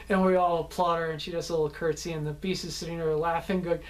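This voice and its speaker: A man's voice: a little high, little pitch movement, quick pace. A man, an actor, casually telling behind-the-scenes stories from a film shoot, rambling with many fillers and restarts and often laughing. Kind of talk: casual anecdotal storytelling.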